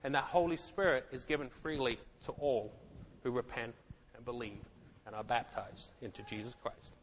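A man's voice: mid-range voice, steady tone, moderate pace, a little hiss or hum. A middle-aged man preaching a sermon, emphatic and given to repeating words and asking the congregation questions. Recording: echoey hall.

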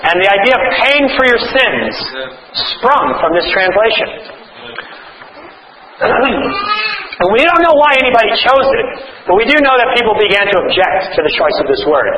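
A male preacher with a high, bright, forceful voice delivers an earnest sermon to a live audience. He trips over and repeats his words, then slips in wry jokes. The sound is roomy and a bit dull, as if captured in a reverberant hall. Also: lively intonation, moderate pace, a little hiss or hum. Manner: earnest, stumbling restarts, wry asides. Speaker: preacher and author. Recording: roomy, slightly dull recording.

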